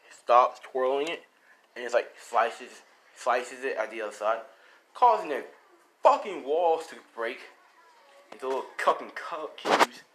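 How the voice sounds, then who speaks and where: A man's voice: mid-range voice, a bit bright, slight background noise, rough recording. A man casually telling a fan story, rambling, with lots of fillers and swearing.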